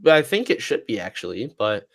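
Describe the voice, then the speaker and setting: Podcast co-host, male, mid-pitched voice with lots of swing, chatty and hedging. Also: big pitch swings, fairly quick, creaky, a bit bright. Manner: conversational, hedging, corrects facts. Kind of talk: casual chat.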